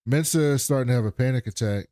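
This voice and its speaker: A man's voice: medium pitch, fast talker, warm tone, no echo, clean studio sound. A man co-hosting a podcast, animatedly retelling an episode and acting out the quotes in a casual chat. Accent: American. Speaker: podcast co-host.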